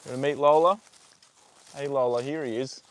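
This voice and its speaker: A man's voice: mid-range voice, steady tone, brisk. An Australian man hosting a casual livestream from a horse paddock, chatting to viewers, reading out their comments and talking fondly to his horses, with casual swearing. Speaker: livestream host.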